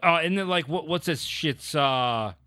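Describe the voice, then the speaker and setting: Stumbling, jokey male podcast co-host; very sharp, tense tone with lively pitch. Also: a little slow. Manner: animated, stumbling, laughs often. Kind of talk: casual chat.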